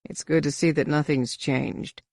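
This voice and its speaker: Hidden bar boss, calm measured voice, amused and probing, man doing it. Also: fairly high pitch, gravelly, no room sound, studio quality. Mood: sober. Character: disguised faceless bar owner, amused and probing.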